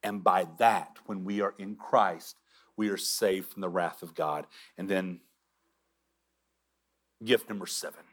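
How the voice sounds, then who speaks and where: A pastor with a low voice and steady tone preaches a sermon earnestly. He restarts his sentences haltingly and drops to a near whisper for emphasis.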